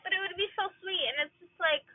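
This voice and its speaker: A woman's voice: extremely high pitch, fairly even intonation, quick pace, no echo. A woman in her twenties venting to viewers in an emotional rant from her car, close to tears at times. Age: 20s. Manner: venting, upset, talks in bursts with many "like"s. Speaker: vlogger. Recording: tinny phone-like sound.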